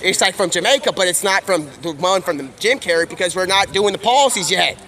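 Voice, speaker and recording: A man streaming live, telling a rambling, improvised stream-of-consciousness story and slipping into quick quoted voices. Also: sits high, lively intonation, sharp tone.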